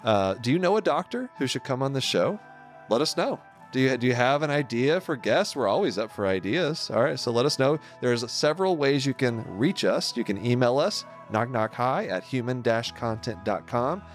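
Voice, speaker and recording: A man's voice: medium pitch, very animated, normal speed, faint music behind. Joking man hosting a podcast. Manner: joking, stumbling restarts. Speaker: podcast co-host. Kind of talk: casual podcast outro.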